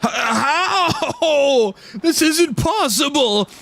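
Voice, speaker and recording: A man voicing a serene, genderless cosmic being of light that turns squeaky and panicked when hurt, as he reads a story aloud. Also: expressive, a bit bright, dry recording, full character voice. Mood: panicked pain. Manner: solemn and slow, then squeaky and panicked in pain.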